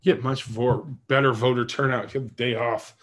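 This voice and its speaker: A man's voice: medium pitch, steady tone, moderate pace. A man talking in a casual, rambling monologue, giving his opinions and often saying "like".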